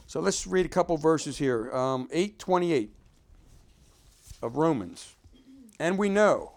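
A man's voice: a little high, animated, slow pace, a little mellow. A man giving informal Bible teaching, talking conversationally and reading verses aloud with emphasis. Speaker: preacher.

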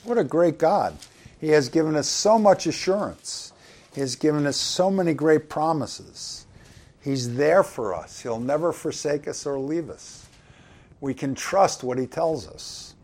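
A man's voice: fairly high pitch, lively intonation, unhurried, a little mellow. A man preaching a sermon, reading scripture and explaining it in a conversational way, asking questions of his listeners. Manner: conversational, asks the congregation questions.

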